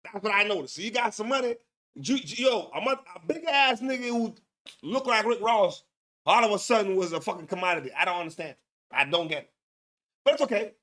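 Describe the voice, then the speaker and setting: A man's voice: sits high, expressive, a little fast, bright, forceful tone. A man hosting a live stream, talking in slangy, profane casual commentary and laughing often. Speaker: livestream host.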